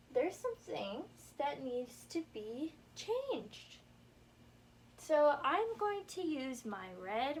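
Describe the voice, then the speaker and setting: A young woman teacher walks a class through a grammar lesson, her voice a little high and encouraging as she works at the board. She is recorded by a camera across the classroom, so she sounds distant, with faint room noise underneath. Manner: encouraging, slow and deliberate at the board.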